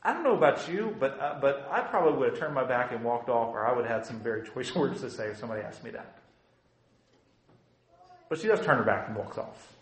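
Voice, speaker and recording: A man's voice: a little high, expressive, a little fast, roomy sound, low-quality recording. A male pastor preaching a conversational sermon who acts out the quotes he tells.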